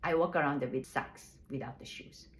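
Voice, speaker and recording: A woman casually telling her own birth story, candid and plainspoken, with loose, halting phrasing and laughs at herself. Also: sits low, slight background noise, poor audio.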